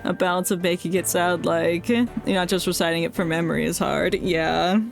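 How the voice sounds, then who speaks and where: A talkative streamer with a Northeastern American accent, mid-pitched and easygoing, chatting casually through a let's-play. They laugh often and read the game's lines aloud between remarks, with faint game music underneath. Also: steady tone, normal speed, creaky. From United States, South and Northeast.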